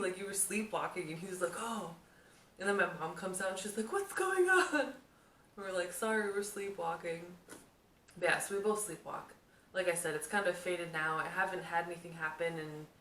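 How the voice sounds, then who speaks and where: Young woman vlogging, chatty, lowish voice, echoey room, mic kinda far away. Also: a little hiss or hum. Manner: chatty, animated storytelling with laughs. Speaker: vlogger, homemaker. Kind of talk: casual Q&A chat to camera.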